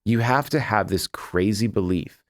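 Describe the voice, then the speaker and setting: A man's voice: lowish voice, normal speed, no echo, studio quality. A man from Boston, a film director as a guest, talking casually in a podcast interview and acting out what other people said as he tells his stories. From Boston, USA. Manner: rambling storyteller who acts out quoted people.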